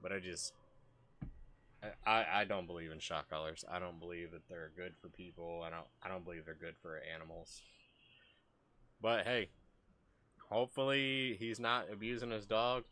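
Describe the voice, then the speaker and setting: A man's voice: low voice, steady tone, normal speed, pauses often, pushed and bright. A man streaming casual commentary, rambling and profane with many restarts.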